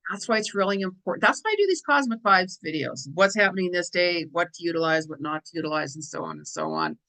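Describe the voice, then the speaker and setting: She's a middle-aged astrology and tarot host whose fairly low, creaky, sharp voice moves fast with lively intonation on a rough recording. Her casual monologue is repetitive and peppered with "you know" and "right?", and she sounds a little tired from lost sleep.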